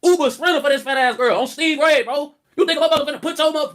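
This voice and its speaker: A young man, telling profane, animated stories on a livestream and laughing often. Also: very high voice, very fast, few pauses. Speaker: rapper on a livestream. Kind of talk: casual livestream rant.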